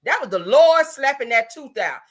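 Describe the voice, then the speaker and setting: Sassy, lively gossip host woman. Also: high voice, normal speed. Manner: loud laughing reactions, sassy exclamations. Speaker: commentary channel host. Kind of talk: casual gossip commentary.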